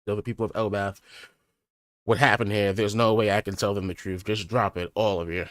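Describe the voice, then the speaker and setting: Young guy reading a manga chapter out loud, lowish voice, mutters the lines, swears a lot in between. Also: brisk, no echo, clean studio sound. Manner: reads panels in a flat mutter, breaks off with slangy profane asides. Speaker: manga reaction channel host. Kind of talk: reading a manga chapter aloud with casual reactions.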